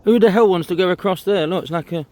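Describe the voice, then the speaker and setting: A man's voice: high-pitched, fast, a little mellow. A man giving casual walking commentary to camera outdoors, pointing out sights as he goes. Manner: chatty, pointing things out while walking outdoors. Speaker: walking vlogger. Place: outdoors on a disused railway trail.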